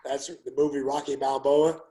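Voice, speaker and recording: A man's voice: medium pitch, normal speed, poor audio. An older man, a former fighter, telling stories in a casual interview and acting out what people said. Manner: animated storyteller, acts out quotes loudly.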